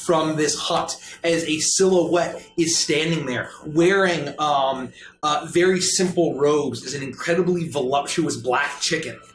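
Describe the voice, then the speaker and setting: A man narrating a tabletop role-playing scene as game master, with frequent pauses. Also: on the high side, a bit bright, a little hiss or hum. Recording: echoey room.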